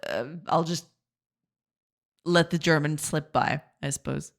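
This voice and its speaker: A woman's voice: low voice, measured pace, vocal fry. A woman streaming her game development, chatting casually with her viewers, giggly and reading chat aloud.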